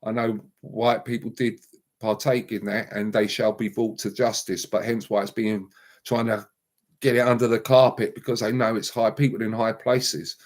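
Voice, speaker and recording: A man's voice: on the low side, little pitch movement, moderate pace. A man hosting a live stream and ranting heatedly, with repeated emphatic outbursts and words said over and over. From England.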